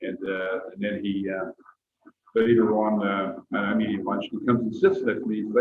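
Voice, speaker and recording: A man's voice: on the low side, flat delivery, normal speed, a little hiss or hum. An older man leading a church Bible class and closing in prayer, talking earnestly with many fillers. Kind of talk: sermon-like class talk and prayer. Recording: tinny echoey room recording.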